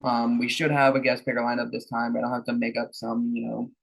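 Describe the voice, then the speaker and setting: A man with a husky, worn voice, as if he is losing it, runs through football talk on a podcast. His pitch stays flat and even, and he keeps up a quick, casual delivery. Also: poor audio. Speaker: podcast co-host. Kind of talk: casual sports chat.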